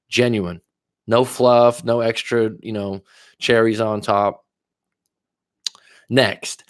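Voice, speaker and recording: A man's voice: on the low side, no echo, studio quality. A man, a coach, talking casually and reflectively to viewers on a livestream, wandering into asides as he thinks aloud. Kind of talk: livestream monologue.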